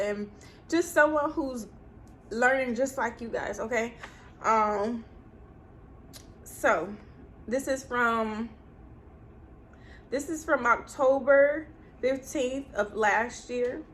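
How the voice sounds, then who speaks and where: A woman's voice: fairly high pitch, takes it slowly, long pauses, a bit bright, slight background noise. A young woman vlogging casually, giving earnest, preachy spiritual advice to her viewers.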